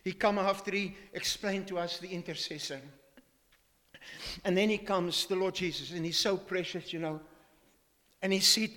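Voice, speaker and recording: A man's voice: high-pitched, steady tone, moderate pace, long pauses, bright, forceful tone, big-room sound. An older man preaching a sermon in a church, emphatic and full of rhetorical questions as he quotes scripture. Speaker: pastor.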